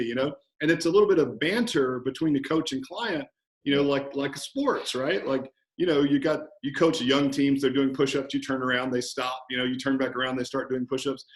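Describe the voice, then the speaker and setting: A man guest talking about coaching in a relaxed, animated interview, often acting out conversations. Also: mid-range voice, normal speed, roomy sound. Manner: animated storyteller, acts out coach-client banter. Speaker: fitness business owner, guest.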